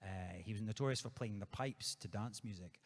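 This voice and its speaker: A low-voiced Scottish man talks in an easygoing, playful way, wandering through his answers with plenty of ums and restarts. It's a live stage Q&A, and his voice trails a long reverb through the hall. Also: brisk. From Scotland. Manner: easygoing and playful, rambling with many fillers and restarts. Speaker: guest author at a live book event. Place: theatre stage before an audience.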